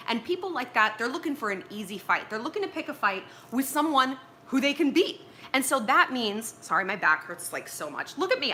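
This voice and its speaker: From home, surrounded by pillows and tea, a Los Angeles woman hosts a casual advice livestream, blunt and freely swearing. Her voice is a little high, pushed and bright, with a faint hiss or hum in the audio.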